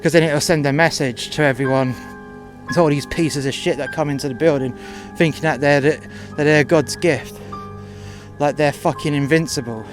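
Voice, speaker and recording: A man's voice: fairly high pitch, steady tone, normal speed, music in the background. A man telling a first-person story in a crude, confrontational way, acting out both sides of a row.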